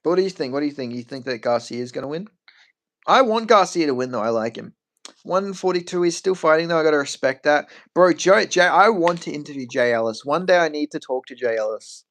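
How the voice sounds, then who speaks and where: Animated young-sounding man chatting on stream. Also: on the high side, fairly quick. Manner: animated, rambling, swears freely. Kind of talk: casual stream chat.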